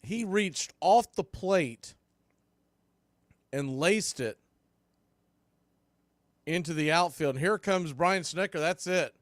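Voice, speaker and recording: A man calling live baseball play-by-play on a studio mic, with excitable calls and chatty asides. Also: fairly high pitch, slow, pauses often, dry recording. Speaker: play-by-play announcer.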